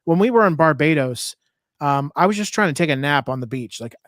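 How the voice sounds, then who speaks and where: A man's voice: fairly high pitch, animated, a little fast, fairly bright tone, no room sound, clean studio sound. A man co-hosting a podcast, chatting casually and telling easygoing travel stories. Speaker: podcast co-host.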